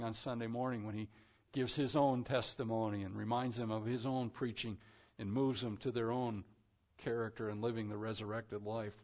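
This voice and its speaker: A man preaching an expository sermon as pastor, swinging from hushed, slow phrases to soaring emphasis. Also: mid-range voice, highs cut off.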